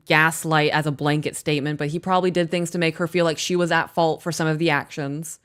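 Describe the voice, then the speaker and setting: Low-voiced frank woman reading emails. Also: a bit bright, clear, resonant tone. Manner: blunt, frank, swears casually. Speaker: podcast host reading listener emails. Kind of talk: casual live-stream email reading.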